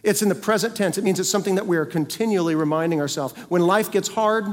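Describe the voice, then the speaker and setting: Male pastor, sermon, emphatic preaching, higher voice, reverberant church hall. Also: fairly quick. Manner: emphatic preaching with rising and falling intensity, rhetorical questions. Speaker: senior pastor. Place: church sanctuary.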